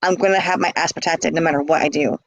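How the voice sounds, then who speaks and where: A woman's voice: low-pitched, fairly even intonation, fast talker, dry recording, low-quality recording. A woman telling her own story in casual speech, blunt and emphatic, often repeating words.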